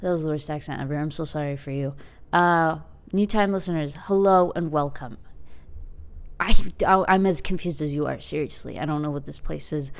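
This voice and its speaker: A young woman hosts her own podcast, chatting on her own and joking at her own expense. Her voice sits a little low for a woman, and she rattles through quick asides. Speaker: podcast host. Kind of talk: casual solo podcast monologue.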